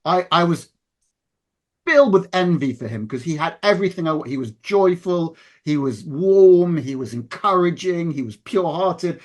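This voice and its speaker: A man's voice: a little high, lively intonation, normal speed. A man in casual conversation, talking earnestly and with emphasis, often restarting his sentences.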